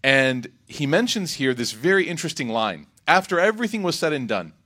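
A man giving an Islamic reminder talk in a lively, rhetorical way, breaking into quick Arabic recitation. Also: a little high. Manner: animated, rhetorical, acts out quotes. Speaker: religious speaker.

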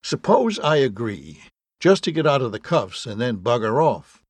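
A man voicing a wry, fatalistic man handcuffed to a flagpole, sardonic and exasperated, with a gravelly, husky voice. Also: mid-range voice, sing-song, normal speed, no room sound.

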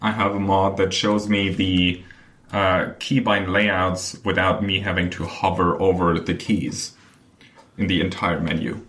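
A man co-hosting a podcast in a relaxed, easygoing chat. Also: low voice, unhurried. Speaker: podcast co-host. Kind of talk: casual chat.

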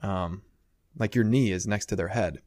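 A man's voice: lowish voice, moderate pace, a little mellow, no room sound, clean studio sound. A man in casual chat, telling a rambling story full of "you know" and "like".

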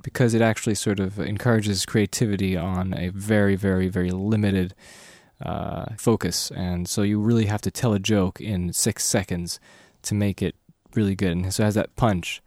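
A man's voice: on the low side, darkish tone, dry recording, clean studio sound. A young man hosting a podcast, rambling casually and correcting himself with lots of fillers. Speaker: podcast host.

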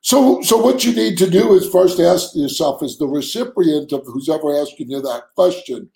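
A man with a rather high voice and a gravelly, creaky edge chats earnestly on a podcast. He often repeats his first words before getting a thought out. The sound is roomy and echoey. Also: lively intonation, moderate pace, mellow. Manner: earnest, repeats words when starting sentences. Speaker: co-host. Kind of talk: casual podcast chat.

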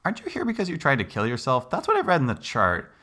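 A man playing an eager young male psychiatry resident in an educational role-play, earnest and quick to stammer. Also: medium pitch, wildly swooping pitch, bright, forceful tone, pitched above the performer's own voice, exaggerated voice. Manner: earnest, stammers under pressure.

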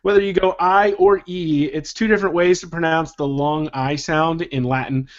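A man's voice: on the high side, fairly even intonation, normal speed. A man on a podcast, explaining things in a precise, lecturing way, in a dull, muffled recording. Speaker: podcast guest.

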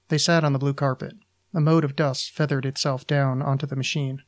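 A man, a podcast host, reading his own short story aloud in a deliberate, deadpan manner. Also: medium pitch.

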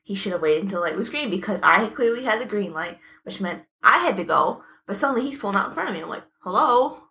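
A woman's voice: medium pitch, expressive, quick pace, sharp tone. A woman co-hosting a casual podcast, chatting and laughing along. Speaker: podcast co-host. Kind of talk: casual chat.

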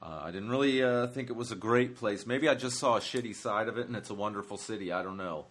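A man's voice: lowish voice, fast, a bit bright. A man hosting a comedy travel podcast, rambling through a profane monologue with lots of ums and uhs. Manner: rambling, profane, many fillers.

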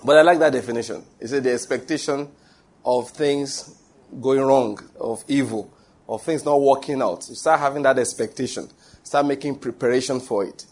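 Man preaching with slow emphasis. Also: medium pitch, darkish tone. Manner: slow, emphatic reading with stressed words; chuckles while telling stories. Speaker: pastor. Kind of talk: sermon with Bible reading.

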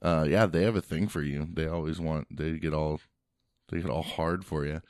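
A young man with a very low, deep voice, chatting crudely and bluntly as a podcast co-host. He jokes a lot, and his voice is recorded close and dry with no room sound. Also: fairly even intonation, normal speed, darkish tone, dry recording. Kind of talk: casual chat.

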